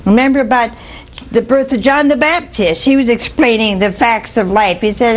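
A woman's voice: on the high side, normal speed. A woman preacher giving a folksy sermon, telling stories with frequent chuckles and asides like "see?". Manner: folksy storytelling, chuckles often, asks "see?".

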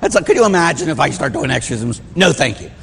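Priest preaching in a reverberant church. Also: male voice, medium pitch, very animated, fast, gravelly, a bit bright, a little hiss or hum. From Pittsburgh. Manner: folksy storytelling, acts out voices, chuckles. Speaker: Catholic priest. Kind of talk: sermon with personal stories. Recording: long hall reverb.

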